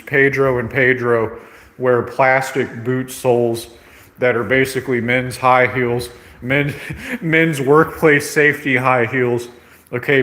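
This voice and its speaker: A man's voice: medium pitch, fairly bright tone. A man ranting in a brash, profane, comedic vlog, repeating himself and tagging lines with "okay?". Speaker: vlogger. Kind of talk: rambling comedic rant.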